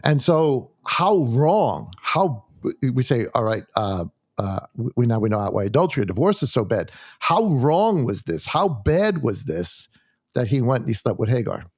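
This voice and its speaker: A man's voice: medium pitch, sing-song, a little mellow, breathy edge, dry recording. Guy teaching a church bible study, lots of restarts, dry close sound. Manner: halting, full of restarts and fillers, reads scripture aloud.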